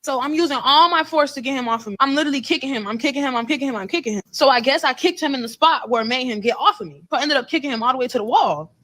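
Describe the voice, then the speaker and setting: A woman's voice: high voice, very fast, hardly any pauses, fairly bright tone, poor audio. A young woman telling a personal story in a vlog, in an earnest, repetitive way. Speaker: storyteller in a played clip.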